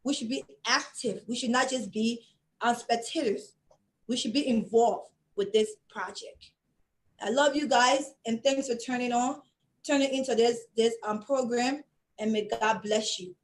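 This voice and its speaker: A woman's voice: on the high side, measured pace, rough recording. A woman from Liberia giving an earnest, emotional closing appeal as an interview guest, close to tears and repeating phrases for emphasis. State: tearing up. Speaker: guest, project founder.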